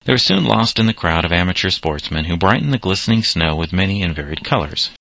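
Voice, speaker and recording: A man narrates a novel aloud at a steady, measured pace. His voice sits very low but has a bright, forceful ring. The recording is dry and close, with no room sound. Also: creaky, no echo.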